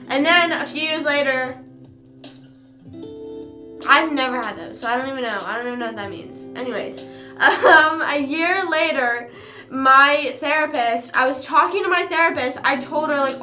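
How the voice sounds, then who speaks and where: Bright, high-voiced chatty young woman. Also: moderate pace, roomy sound, faint music behind. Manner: chatty, lots of "like", acts out quoted people. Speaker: livestream host. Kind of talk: casual storytelling chat.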